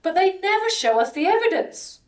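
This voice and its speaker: A British woman, the guest at an event, gives a public speech in a very high, sing-song voice at a brisk pace. She drives her points home with rhetorical questions and repeated words. She sounds far from the mic, and the audio is poor.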